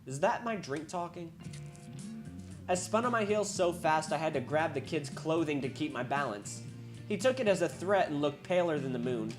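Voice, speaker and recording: A woman reading a visual novel aloud, wry, with asides and quick self-corrections. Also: sits low, animated, music in the background. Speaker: game reader.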